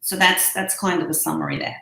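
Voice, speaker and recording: An Australian woman talks as an interview guest, enthusiastic and emphatic. Her voice is bright and forceful. She is recorded in an echoey room. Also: fairly low pitch, steady tone, brisk, gravelly. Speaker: guest, life coach. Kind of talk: interview conversation.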